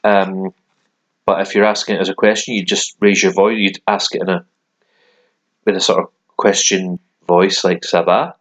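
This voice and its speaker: A man's voice: low-pitched, a bit bright. A man talking through a language lesson in a casual, hesitant way, with many ums and restarts. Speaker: language learner.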